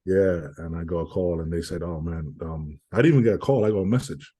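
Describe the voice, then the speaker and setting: A young man talks in an interview with a deep, husky voice. His tone is dark and mellow, and he tells his story earnestly. He keeps repeating phrases and acts out other people's words as he goes. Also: fast talker. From United Kingdom. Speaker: guest, professional bodybuilder.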